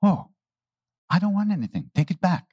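A man's voice: high-pitched, sing-song, moderate pace, a little mellow, breathy edge, no echo, highs cut off, pitched above the performer's own voice, heavily acted. A man voicing an old Indian holy man who pretends to be cranky and teases. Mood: teasing. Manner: teasing, feigning confusion.

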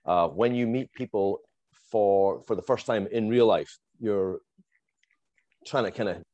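A middle-aged man who moved to the United States from abroad, telling a long, animated fan story in casual chat, full of fillers and little laughs. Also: on the low side, unhurried, no room sound, lo-fi sound.

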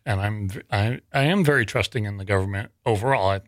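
A man from Wyoming tells a story to a podcast host as a guest author. His voice is bright and forward, and the sound is close and dry. He rambles, restarting his sentences often. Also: on the low side, fast talker, no room sound. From Wyoming, USA. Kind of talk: casual podcast interview.

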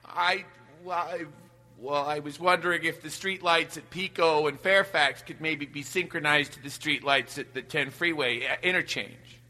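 A man's voice: fairly high pitch, moderate pace, sharp tone, faint music behind, voice pushed down. A man voicing a nervous, fussy male homeowner heckling the mayor, whiny and stammering. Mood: timid. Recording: long reverb.

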